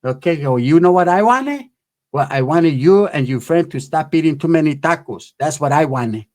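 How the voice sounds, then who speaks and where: A man voicing a gruff, laid-back immigrant father with a Mexican Spanish accent, speaking slow broken English mixed with Spanish. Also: fairly high pitch, lively intonation, a little mellow, close to an everyday voice. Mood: demanding.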